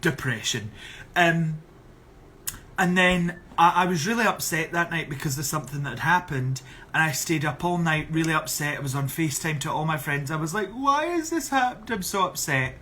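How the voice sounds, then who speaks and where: A man's voice: on the high side, moderate pace, bright, forceful tone, slight background noise. A young Scottish man on a casual live stream, reading out viewer questions and answering in a chatty, sarcastic way. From Scotland. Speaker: drag performer on a live stream.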